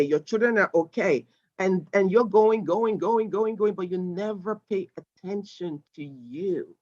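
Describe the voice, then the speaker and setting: A woman leading a live online mindfulness class, encouraging the group and reading their replies aloud with lively exclamations. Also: medium pitch. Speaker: mindfulness instructor. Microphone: video call. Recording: dull lo-fi video call audio.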